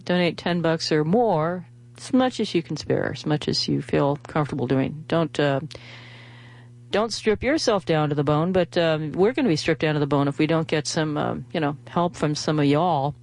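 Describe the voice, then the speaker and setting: A woman's voice: low-pitched, normal speed, darkish tone. A woman radio host, talking in a rambling, chatty way full of fillers and restarts. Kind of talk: casual radio monologue with pledge appeal.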